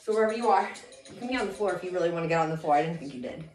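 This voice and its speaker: A woman fitness instructor coaching a low-impact cardio workout, energetic and a little out of breath as she counts reps and cheers people on. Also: rapid-fire. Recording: echoey room with music.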